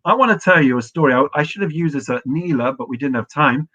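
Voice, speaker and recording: A man giving a sermon over an online stream, telling a story with halting restarts before leading a psalm. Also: a little high, pushed and bright, lo-fi sound. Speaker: rabbi.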